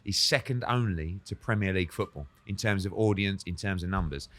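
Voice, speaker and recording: British man, lower voice, animated storyteller, sarcastic, podcast guest. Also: a little fast. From England. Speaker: boxing promoter guest. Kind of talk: casual podcast interview.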